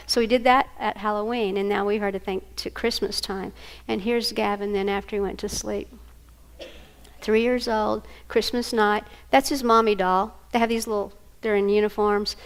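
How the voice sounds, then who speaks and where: A woman's voice: medium pitch, normal speed. An older woman with a Southern American accent giving a workshop talk, telling family stories and acting out the voices in them. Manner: animated, acts out voices in her stories. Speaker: workshop speaker. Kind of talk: storytelling lecture.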